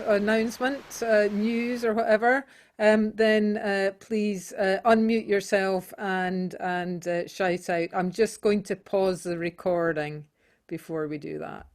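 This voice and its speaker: Woman host, video call, casual and halting, fillers throughout. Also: medium pitch, steady tone. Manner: hesitant, lots of ums and uhs. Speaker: host of online folk singing session.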